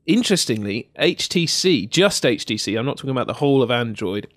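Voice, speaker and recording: Podcast host reading headlines. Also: male voice, medium pitch, big pitch swings, a little fast, dry recording, clean studio sound. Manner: presenter-like, reads out stats. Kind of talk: casual podcast chat.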